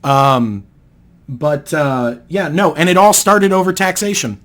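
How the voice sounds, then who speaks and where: A man's voice: a little high, measured pace, fairly bright tone. A young man from New hosting a podcast, explaining things patiently in casual chat. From New England, United States. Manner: explains patiently, with many fillers and restarts. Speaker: podcast host.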